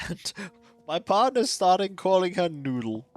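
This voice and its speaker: A streamer giving relaxed, chatty commentary while playing a cozy game. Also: mid-range voice, measured pace. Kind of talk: casual gaming commentary. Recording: faint game music behind.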